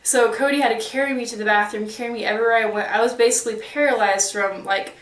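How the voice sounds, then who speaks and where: A woman in her thirties telling a personal story in a casual, animated way, acting out quoted exchanges. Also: on the high side, fast talker. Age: 30s. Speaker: vlogger. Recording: roomy, mic at a distance.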